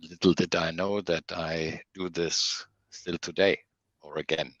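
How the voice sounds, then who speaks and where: Deep Swiss German man in his sixties. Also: little pitch movement, a little slow, fairly bright tone, no room sound. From Switzerland. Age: 60s. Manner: hesitant, with frequent uh fillers. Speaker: guest. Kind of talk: interview answers.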